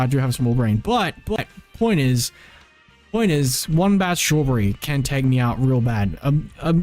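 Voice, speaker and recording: A man's voice: mid-range voice, darkish tone. A man streaming and chatting casually, rambling with lots of "like" and frequent self-corrections. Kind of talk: casual live-stream chat.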